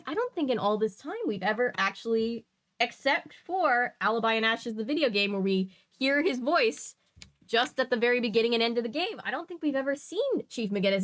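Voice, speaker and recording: A woman hosting a stream, chatting casually as she reads comics aloud, often trailing off and restarting her sentences. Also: fairly high pitch. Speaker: streamer host. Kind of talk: casual chat while reading comics aloud.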